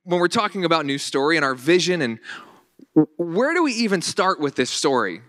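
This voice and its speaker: A pastor in his late twenties preaching a sermon in a conversational, energetic way, often restarting his sentences. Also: fairly high pitch, fairly quick, no echo, clean studio sound. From Northern Virginia. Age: late 20s.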